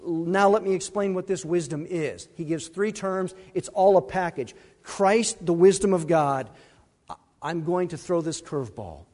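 High-voiced preacher in an echoing hall. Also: male voice, a little slow. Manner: animated, emphatic preaching with asides and laughs. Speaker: pastor. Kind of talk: sermon.

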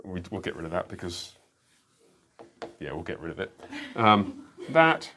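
A man's voice: low-pitched, big pitch swings, measured pace, sharp tone, a little hiss or hum. A man who is a pastor, teaching a school Bible class in a classroom, explaining emphatically and asking rhetorical questions. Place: classroom with a whiteboard.

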